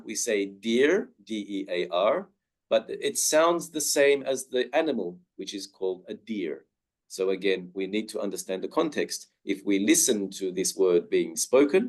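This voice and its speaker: A young man, giving a webinar lecture and carefully modelling the sound of each word aloud. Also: lowish voice. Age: young adult. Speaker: guest speaker teaching pronunciation.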